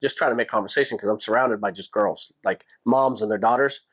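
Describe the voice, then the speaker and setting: A man hosting a podcast, telling a personal story in a casual, animated way and jumping his pitch up when he quotes people. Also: a little fast. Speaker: podcast host.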